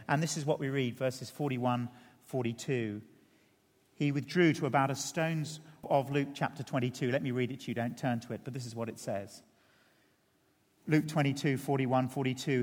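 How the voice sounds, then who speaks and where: A middle-aged man preaching a sermon, earnest and building to emphatic peaks before dropping quiet. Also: a little high, long reverb tail. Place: large church hall.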